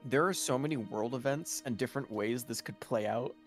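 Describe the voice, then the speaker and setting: A man's voice: medium pitch, brisk, soft background music. A man running a tabletop game, chatting casually afterward, laughing often and swearing freely. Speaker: game master.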